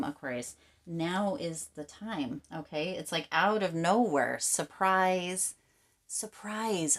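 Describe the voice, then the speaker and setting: A woman giving a casual, encouraging tarot reading, rambling and searching for words as she goes. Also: deep voice. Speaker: tarot reader.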